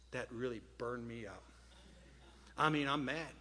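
A male preacher delivers a sermon, his voice bright and sharp. He tells stories dramatically, dropping to hushed tones between stretches of plain talk. A long hall reverb trails his words. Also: mid-range voice, measured pace, long pauses.

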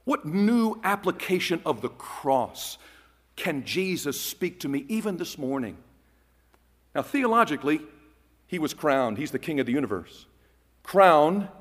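Pastor, man, sermon delivery; emphatic, drops to a hush, pitch swings widely. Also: long reverb tail. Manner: emphatic, swinging from loud declarations to hushed phrases.

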